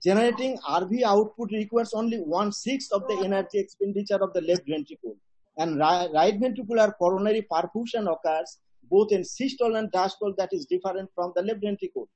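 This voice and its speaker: Prof giving a lecture, kinda high pitched, husky, middle aged. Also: male voice, a little fast, a little mellow, poor audio. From Bangladesh. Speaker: lecturer, professor of cardiology. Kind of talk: academic lecture.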